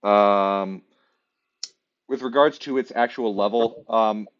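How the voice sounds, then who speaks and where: This game master's lowish voice comes slowly over a muffled, lo-fi mic. Running a tabletop session, he talks casually but hesitantly, leaning on lots of fillers.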